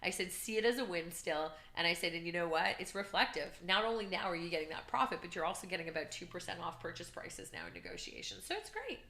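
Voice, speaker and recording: Energetic female real estate coach on a podcast; crisp bright voice, roomy recording. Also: fairly low pitch, quick pace, hardly any pauses. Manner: energetic, chatty, animated storytelling. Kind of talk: casual podcast chat. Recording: roomy echo.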